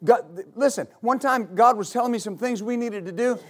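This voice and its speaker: A male pastor preaching a sermon, rising into repeated, shouted exhortations to his congregation. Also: extremely high pitch, brisk. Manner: builds to shouted, repetitive exhortation.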